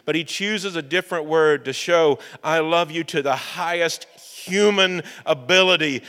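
A man preaching a sermon in a church, in a slow, measured, reflective way. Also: fairly high pitch, a bit bright. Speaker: pastor. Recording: long reverb of a church hall.

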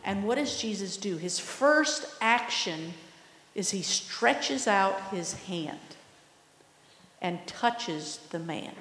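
A woman's voice: mid-range voice, expressive, fairly bright tone. A woman preaching a sermon, earnest and teaching in manner. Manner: earnest, teaching, slow and deliberate. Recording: echoey hall, long reverb.

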